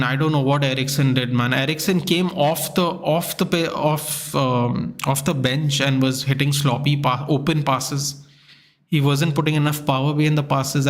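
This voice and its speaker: A young man hosts a football livestream in a loose, casual rant. His voice sits high, and he swears freely and trips into restarts as he talks to his viewers. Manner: ranting, frequent swearing and restarts. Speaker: livestream host. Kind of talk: casual football watchalong chat.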